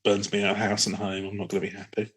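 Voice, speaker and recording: A man's voice: lowish voice, completely flat delivery, fast, husky. A man co-hosting a podcast, joking around in casual banter with quips and some swearing. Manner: jokey, throws in quips and swearing. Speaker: podcast co-host.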